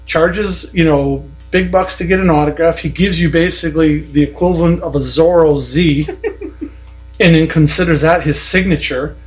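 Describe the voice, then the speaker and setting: On a podcast, a man with a slightly high voice and moderate pace tells a long, indignant story, ranting bluntly and casually with plenty of profanity. The audio is poor.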